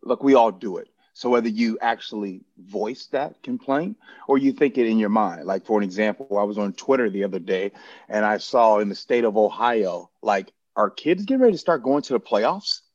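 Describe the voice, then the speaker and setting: A man's voice: lowish voice, moderate pace, a little mellow, no echo, highs cut off. A man, a guest on a casual sports podcast, rambling earnestly and restarting his sentences.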